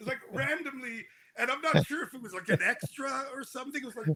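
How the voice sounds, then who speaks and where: A man's voice: very high-pitched, expressive, fast, hardly any pauses, crowd noise. A man who is the guest on an interview, telling funny stories in a joking manner. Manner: joking storyteller. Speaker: guest, author. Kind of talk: casual interview talk.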